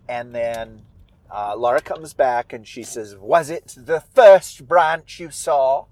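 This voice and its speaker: A man who writes and performs audio stories, talking about his work in a casual, reflective monologue. He muses aloud and sounds animated and amused with himself. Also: mid-range voice. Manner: musing, animated, self-amused.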